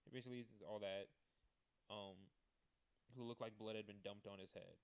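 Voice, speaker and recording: A man's voice: on the low side, fairly even intonation, brisk, slight background noise. A man giving a loose, rambling recap of manga chapters as a casual reviewer, full of fillers and trailing asides.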